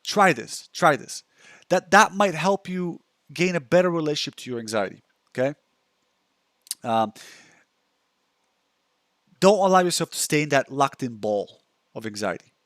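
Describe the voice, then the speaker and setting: Chatty man with a fairly high voice. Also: expressive, moderate pace, pauses often, fairly bright tone, no echo, studio quality. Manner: chatty, restarts a lot, acts out inner thoughts. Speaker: counselor giving self-help advice. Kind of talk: casual talk reacting to a post.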